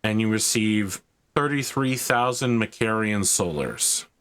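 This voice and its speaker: A man running a tabletop game as game master, narrating and explaining in a measured way. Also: lowish voice, expressive, a bit bright.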